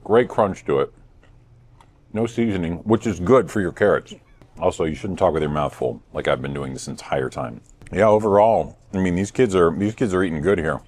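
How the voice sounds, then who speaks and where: A man in his thirties hosting a casual food review vlog, playful and self-mocking with deadpan jokes. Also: sits low, moderate pace. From United States. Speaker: host.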